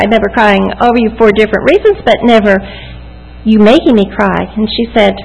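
A woman's voice: fairly high pitch, expressive, fairly quick, gravelly, husky. A woman in her forties, a mother giving a devotional talk at church, telling family stories and reading scripture. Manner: warm storytelling with scripture readings. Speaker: church speaker. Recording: echoey hall.

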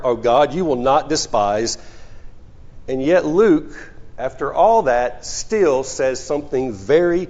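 Animated man preaching in a hall. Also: a little high. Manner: conversational, storytelling, with frequent restarts. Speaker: pastor. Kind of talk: sermon. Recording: muffled sound in a reverberant hall.

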